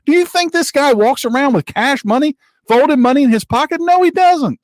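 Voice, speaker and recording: On his own online broadcast, a man offers heated political commentary at normal speed with lively intonation, recorded dry. He's emphatic, with sharp pitch jumps and repeated points.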